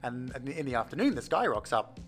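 A man's voice: medium pitch, very animated, quick pace, a bit bright, soft background music. A man, chatting casually and telling rambling stories full of fillers. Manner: rambling storyteller, lots of fillers. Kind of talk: casual chat.

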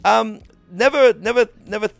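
Young man, casual rambling chat, self-deprecating; fairly high voice with a gravelly edge. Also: normal speed, dry recording. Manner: rambling, self-deprecating, acts out little dialogues.

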